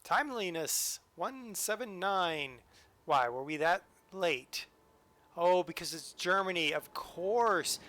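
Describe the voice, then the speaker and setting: A man's voice: sits high, lively intonation, slow pace, bright, forceful tone. A man streaming a train simulator live, joking and chatting to the game as he drives. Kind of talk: live-stream gameplay commentary.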